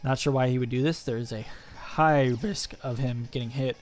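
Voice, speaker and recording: A man's voice: mid-range voice, fairly even intonation, normal speed, darkish tone. A young man narrating an online game battle in a joking, self-mocking play-by-play voice-over. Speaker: gaming channel host. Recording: faint music behind.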